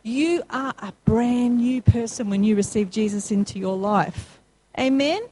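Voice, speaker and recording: A woman preaching a sermon, emphatic and repetitive, climbing to excited high peaks when she calls out to the congregation. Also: measured pace, slight background noise, poor audio. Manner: emphatic, rising to high call-and-response peaks.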